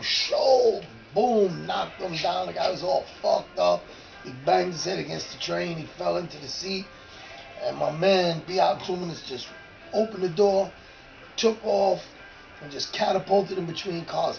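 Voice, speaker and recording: A man in his fifties with a gravelly, fry-heavy voice that sits a little high. He tells a rough street tale in profane, animated casual talk. The audio is dull and lo-fi, with faint music behind him. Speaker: former graffiti writer. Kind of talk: casual storytelling.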